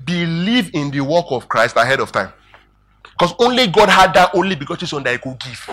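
Preacher guy, high bright voice, kinda husky, keeps asking the crowd questions. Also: brisk. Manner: calls out questions to the congregation; emphatic, animated preaching with rising and falling volume. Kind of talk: sermon.

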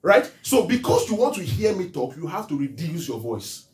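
A man preaching with a high, lively voice that swings up and down, quizzing his congregation as he goes. He reads scripture lines slowly and deliberately. The sound is roomy and echoing, picked up from some distance away. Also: soft background music. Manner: call-and-response questions to the congregation. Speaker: pastor. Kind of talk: interactive sermon teaching. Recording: echoey room, voice from a distance.

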